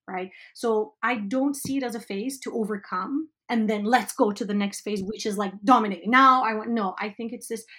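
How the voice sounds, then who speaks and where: A woman teacher speaking in an animated, emphatic way in a conversational interview. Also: mid-range voice, slightly rough. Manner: animated, emphatic, quick asides with laughs. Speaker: teacher educator guest.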